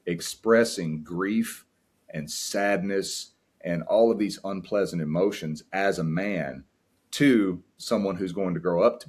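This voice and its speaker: A man, a podcast guest and father, talking earnestly and openly in a reflective interview, with frequent restarts. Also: sits low. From United States. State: tearing up at times.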